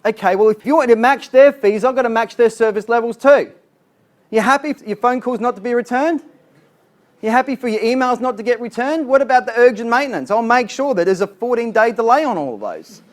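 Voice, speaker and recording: A man voicing a blunt, straight-talking male estate agent who pushes back firmly on a client, in a fairly high voice. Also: expressive, fairly quick. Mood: blunt, pushy.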